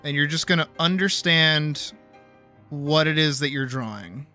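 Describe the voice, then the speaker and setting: A man's voice: fairly high pitch, unhurried, pushed and bright, soft background music. A man streaming art who lectures viewers in a blunt, teasing way, with profanity and playful bravado. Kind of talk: casual live-stream art lesson.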